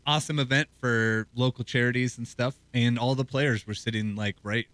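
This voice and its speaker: A man co-hosting a sports talk show as a hockey reporter, talking in a loose, rambling way with a hoarse, scratchy throat. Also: medium pitch, steady tone, normal speed, a bit bright, dry recording. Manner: loose, rambling conversational delivery.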